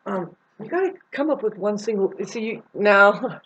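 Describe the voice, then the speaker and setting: A woman talking in a rambling, meandering monologue, jumping between loud bursts and low mutters and swearing freely. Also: expressive, moderate pace, breathy edge. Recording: dull lo-fi sound.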